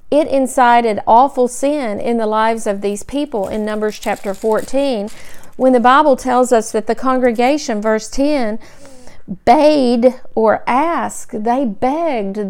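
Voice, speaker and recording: A woman's voice: on the high side, clean tone. Earnest woman teaching a Bible lesson. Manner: earnest, explanatory, steady teaching tone.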